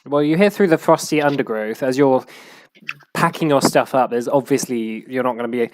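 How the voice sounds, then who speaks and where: A man's voice: medium pitch, normal speed, darkish tone, no room sound. A man running a tabletop game as game master, narrating in a rambling way full of fillers and restarts.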